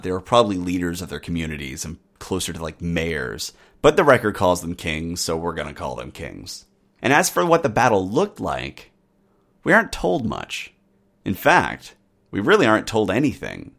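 Lively, low-voiced male history narrator. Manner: wry, conversational asides. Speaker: history podcast host. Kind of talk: scripted narration.

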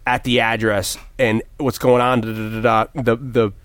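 A man's voice: mid-range voice, level tone, moderate pace, a bit bright, no echo. A man casually retelling a film plot on a podcast, acting out the characters and swearing freely. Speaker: podcast co-host. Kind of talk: casual movie recap chat.

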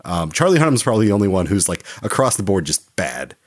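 A man's voice: sits low, sing-song, fast talker. A man co-hosting a film podcast, talking casually with many restarts and fillers. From Oklahoma, USA. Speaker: podcast co-host.

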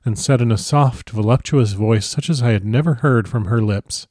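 A man narrating a classic novel as an audiobook, with a measured, expressive reading. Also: medium pitch, slightly rough, dry recording, clean studio sound.

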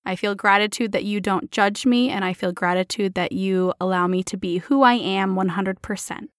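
A woman's voice: medium pitch, fairly even intonation, normal speed, no room sound, studio quality. A woman co-hosting a podcast in casual chat, giggly and sincere, with an affectionate way of talking. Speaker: podcast co-host.

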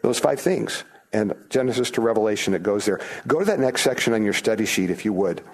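A man's voice: lively intonation, fairly quick. A man preaching a sermon to his church, chatting with the congregation, asking them questions and acting out quoted voices. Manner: conversational, asks the congregation questions; acts out quoted voices with rising pitch. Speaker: pastor.

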